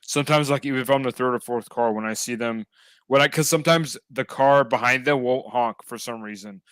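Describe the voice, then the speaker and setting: A man talks in easy, rambling conversation, full of fillers and restarts. His voice is smooth and resonant. It sounds close and dry, with no room around it. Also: medium pitch, fairly quick, fairly bright tone, no room sound. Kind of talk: casual chat.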